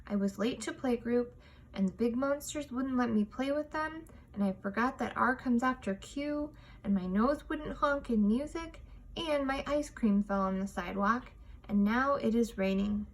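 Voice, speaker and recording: A woman voicing a small, anxious furry male monster child in a storybook reading, high and whiny. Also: normal speed. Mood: complaining. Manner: high-pitched, whiny and excitable.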